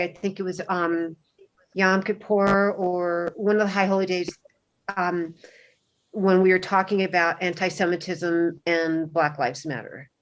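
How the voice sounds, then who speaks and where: Woman telling a story on a video call. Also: fairly low pitch. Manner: halting, many restarts and fillers. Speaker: panelist.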